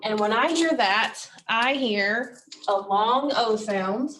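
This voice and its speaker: A woman teaching a phonics lesson, slowly and patiently sounding out words and syllables for children. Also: fairly high pitch, noisy background.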